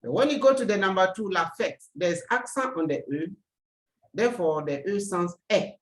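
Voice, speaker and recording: A French teacher giving a recorded language lesson, slow and deliberate, repeating each example word. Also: mid-range voice, expressive, echoey room.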